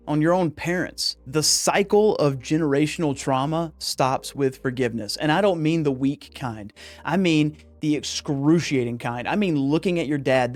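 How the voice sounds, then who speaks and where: A man's voice: on the high side, a little mellow. A man hosting a podcast, delivering an earnest monologue on psychology with an emphatic, preacher-like delivery. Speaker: podcast host.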